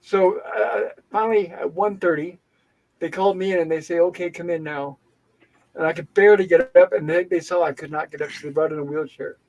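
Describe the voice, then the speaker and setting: A high-pitched man hosting an open-mic livestream. He tells his story in an animated, indignant way, venting as he goes, in a loose conversational style. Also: fairly quick, creaky, lo-fi sound. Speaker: livestream host. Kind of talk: casual storytelling chat. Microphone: home livestream setup.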